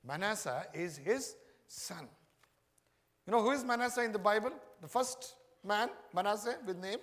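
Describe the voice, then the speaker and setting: A man's voice: sits high, expressive, moderate pace, bright, forceful tone. A man preaching a sermon, repeating his questions to the congregation. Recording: echoey hall reverb.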